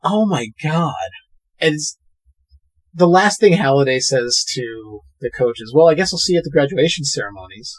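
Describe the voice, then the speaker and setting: A man co-hosting a podcast, casually recapping a film scene by scene and acting out characters' lines in quick put-on voices. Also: a little high. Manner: retells scenes with animated quoted voices. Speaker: podcast co-host. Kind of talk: casual movie recap chat.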